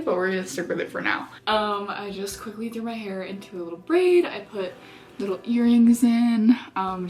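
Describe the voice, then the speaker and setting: A young woman chatting casually to camera as she gets ready, giggly and rambling with lots of filler words. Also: medium pitch. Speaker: vlogger. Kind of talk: casual get-ready-with-me chat.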